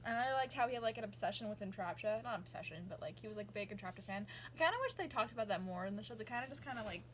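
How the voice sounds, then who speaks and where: A woman's voice: medium pitch, animated, rapid-fire, a little hiss or hum. A young woman, rambling casually as a vlogger with lots of fillers and asides. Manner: rambling, gushing, many fillers. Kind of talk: casual chat.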